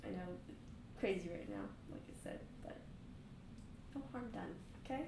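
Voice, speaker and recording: A patient, soft-spoken young man offers calm reassurance, his words a little hesitant, as a woman puts him on. The voice bounces around an echoey room and sits back from the mic, with a faint hum underneath. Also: high-pitched, normal speed, vocal fry, far from the mic, pitched below the performer's own voice, exaggerated voice. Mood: gently reassuring.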